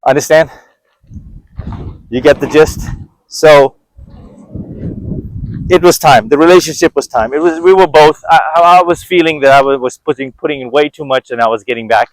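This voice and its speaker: A man's voice: fairly high pitch, moderate pace, pauses often, dry recording, poor audio. A man talking candidly to his viewers about his own life, conversational, often stopping to ask "right?". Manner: conversational, repeats words, asks the viewer "right?". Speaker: vlogger. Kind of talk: candid personal storytelling to camera.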